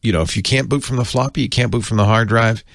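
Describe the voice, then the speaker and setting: A man giving casual tech commentary, chatty and jokey, doing quick silly voices for gadgets. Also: medium pitch, fairly even intonation, creaky, slight background noise.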